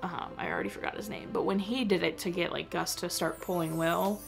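A woman's voice: lowish voice, steady tone, a little fast, gravelly, faint music behind. A young woman chatting casually as she reviews a movie for her vlog, filling her talk with "like.". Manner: chatty, full of "like" fillers.

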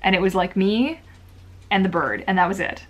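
Woman home vlogger, mid pitch, chatty and rambling, talking to camera indoors. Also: moderate pace, muffled recording. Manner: chatty and rambling, heavy on filler words. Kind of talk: casual vlog chat to camera. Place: home filming corner, indoors.

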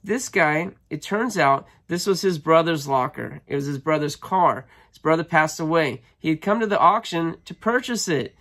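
A man's voice: on the high side, animated, moderate pace, few pauses, a bit bright. Chatty man rambling through a story. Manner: chatty, rambling, frequent ums and restarts. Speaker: storage locker buyer and vlogger. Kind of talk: casual storytelling to camera. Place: inside a storage unit.

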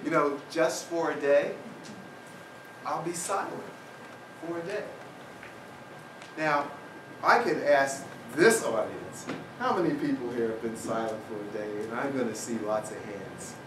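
A man's voice: mid-range voice, unhurried. A man giving a public talk to an audience, telling humorous personal anecdotes with wry asides. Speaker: guest speaker. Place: university lecture hall with audience. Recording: roomy hall, distant mic, noisy.

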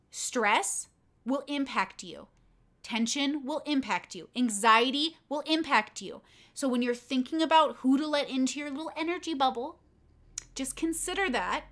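A young adult woman, a content creator and streamer, casually tells a personal story on a livestream, candid and rambling with lots of fillers. Her voice is fairly high in pitch and a bit bright.

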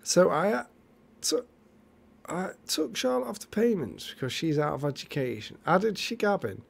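A man's voice: high-pitched, sing-song, normal speed, creaky. A man co-hosting a casual livestream, chatting with viewers in a jokey way and reading out their comments. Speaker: livestream co-host. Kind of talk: casual live chat with viewers.

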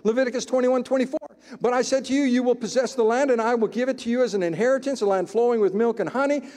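High-voiced male pastor preaching in a hall. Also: a little mellow. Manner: emphatic, conversational preaching with dramatic pauses. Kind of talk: sermon. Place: church sanctuary.

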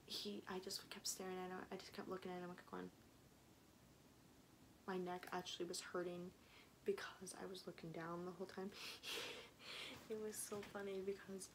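A woman's voice: on the low side, flat delivery, normal speed, pauses often, background noise. A young woman rambling in a casual video diary, often dropping into a whisper. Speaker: vlogger.

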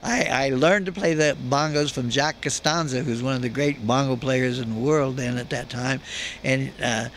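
A man's voice: mid-range voice, moderate pace, a bit bright, slight background noise. An older man, a guest actor, telling chuckling anecdotes in an interview at a convention. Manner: chuckling storyteller. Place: convention floor.

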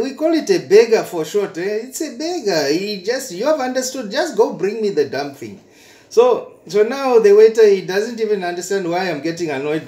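A man tells a travel story in a casual, animated vlog. He often stammers and repeats words as he talks. His voice sits fairly high, and the room around him is echoey. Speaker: travel vlogger.

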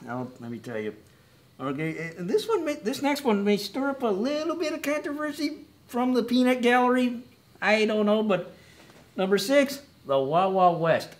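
A man's voice: high voice, sing-song, moderate pace. A man co-hosting a casual top ten list show, rambling with wry asides and self-corrections. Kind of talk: casual joking commentary.

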